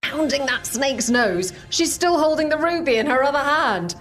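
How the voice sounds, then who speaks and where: Fantasy game adventurer, brisk, fairly high voice, game music behind. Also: female voice, animated, fairly bright tone.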